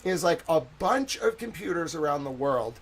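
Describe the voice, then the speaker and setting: A young man hosting his own livestream, his voice sitting a little high for a man. He rambles freely, leans on "like" constantly, and moves between heated outbursts and low, offhand remarks. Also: sing-song, moderate pace, slightly rough, low-quality recording. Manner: rambling, heavy use of "like", swings from loud indignation to quiet asides. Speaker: livestream host. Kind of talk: casual livestream commentary.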